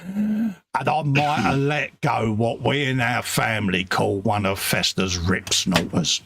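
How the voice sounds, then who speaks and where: A man's voice: medium pitch, measured pace, vocal fry, noisy background. A middle-aged man co-hosting a live hobby stream, joking and laughing as he reads out chat messages. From England. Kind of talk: casual banter.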